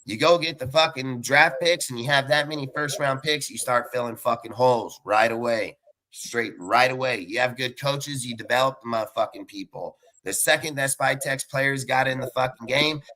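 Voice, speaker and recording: A man's voice: medium pitch, pushed and bright, poor audio. A man ranting on a live sports fan podcast, heated and profane, tossing in "dude" and "like". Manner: fast and blunt, many fillers like "dude".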